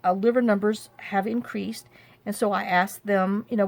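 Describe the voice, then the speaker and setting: A woman's voice: mid-range voice, steady tone, normal speed, gravelly. A woman chatting casually at her craft table, venting in frustration and restarting often. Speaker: journaling crafter. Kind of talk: casual rambling chat.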